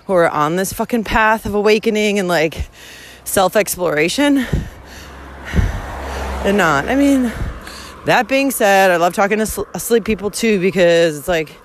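A woman's voice: mid-range voice, normal speed, pauses often, slight background noise. A woman vlogging from a hiking trail on her phone, talking heatedly with heavy swearing and frequent laughter. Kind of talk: casual walking vlog. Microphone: handheld phone.

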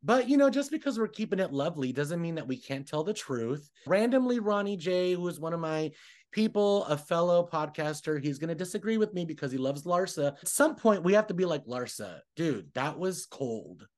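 Animated gossipy man, lively high pitch. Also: brisk. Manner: animated, gossipy, acts out quotes. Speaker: podcast host. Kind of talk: casual chat.

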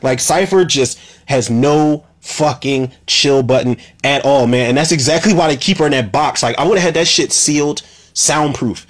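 Man, movie recap rant, profane, animated, exasperated, mid pitch. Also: normal speed. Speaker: movie reviewer.

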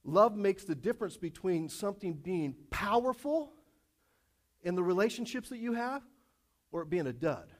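A male pastor giving a sermon in a casual, joking, animated way, telling stories to the congregation. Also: sits high, normal speed. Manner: casual, animated storytelling with jokes.

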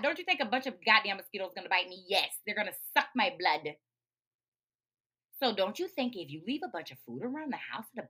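A woman hosting a podcast, talking in a profane, emphatic, animated rant. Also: mid-range voice. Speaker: podcast host. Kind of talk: casual ranting monologue.

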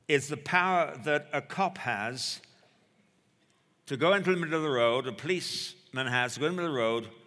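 A male preacher delivering a sermon, telling a story with dramatic pauses and emphasis. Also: medium pitch, sharp tone. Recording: echoey hall.

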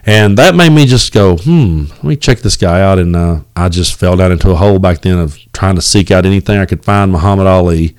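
Low-voiced East Tennessee podcast host. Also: male voice, a little fast, few pauses, clean tone, dry recording. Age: 40s. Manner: rambling and folksy, with many fillers and cussing. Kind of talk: casual solo podcast monologue. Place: home, at his kitchen table. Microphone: home recording setup.

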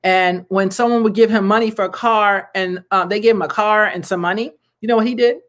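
Thirties, casual talk host, rambling, laughs a lot, lots of ums, earnest preachy asides, mid pitch. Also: fairly even intonation, a little fast, fairly bright tone. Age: 30s. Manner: chatty and rambling, with frequent laughs and fillers. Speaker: podcast host and nonprofit founder. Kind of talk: casual good-news monologue.

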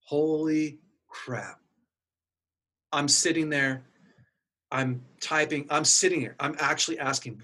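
A husky, middle-aged man speaks in an earnest, candid way, sharing a painful personal story. His voice sits at an ordinary pitch with a breathy edge. He acts out the things he said to himself as he tells it. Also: a little slow, sharp tone. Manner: earnest, emotional, acts out his inner dialogue.

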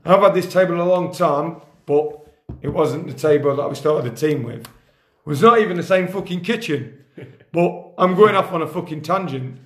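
This podcast host and grassroots football coach has a voice on the high side and speaks at a moderate pace. Recorded in a reverberant kitchen, he runs a casual football talk full of loud, angry, profanity-laden rants.

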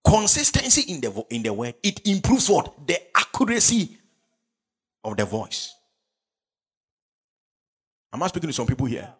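Fervent preacher, husky and animated. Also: male voice, on the high side, normal speed, long pauses. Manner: fervent preaching with call and response to the congregation. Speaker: pastor. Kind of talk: sermon.

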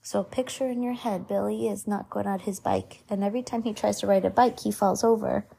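A woman's voice: mid-range voice, fairly even intonation, a little fast, vocal fry, slight background noise. A woman reading a storybook aloud to her child, stopping to explain the story in her own words. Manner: gentle, explains the story as she reads.

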